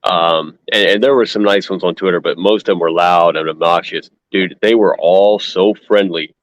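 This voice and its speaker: A man's voice: sits low, steady tone, normal speed, lo-fi sound. A man speaking earnestly and gratefully in casual chat as a guest fan on a video call.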